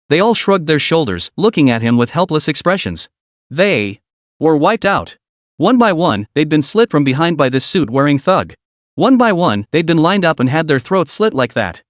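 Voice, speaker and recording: A man narrating a web novel audiobook with lively, dramatic storytelling. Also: on the high side, dry recording, studio quality.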